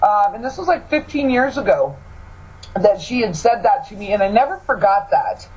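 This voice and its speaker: A woman's voice: mid-range voice, expressive, normal speed, a little mellow, husky, dull audio. A woman hosting a radio show, talking in an earnest, emphatic way and often repeating words for stress. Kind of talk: casual spiritual chat.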